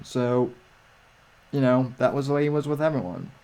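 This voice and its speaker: A man's voice: medium pitch, animated, normal speed, warm tone, clear, resonant tone. A man co-hosting a casual live stream over a video call, rambling with many restarts and fillers.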